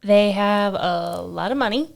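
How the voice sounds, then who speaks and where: A woman co-hosts a casual podcast chat in a smooth, clear voice. She rambles and giggles often, and her questions wander before they land. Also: medium pitch, measured pace. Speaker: podcast producer and co-host.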